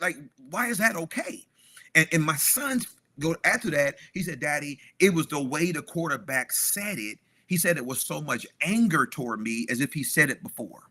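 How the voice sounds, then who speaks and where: A man's voice: mid-range voice, sharp tone. A man in his forties hosting a panel conversation, telling a heartfelt story as a father, often asking "right?" and calling listeners "man", emotional as he speaks. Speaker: discussion host, father.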